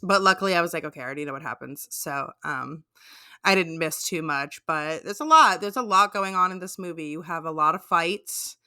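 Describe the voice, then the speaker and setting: A woman co-hosting a casual podcast, rambling along in a relaxed, sleepy way with plenty of fillers. Her voice is fairly low for a woman, smooth and resonant. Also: moderate pace. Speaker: podcast co-host.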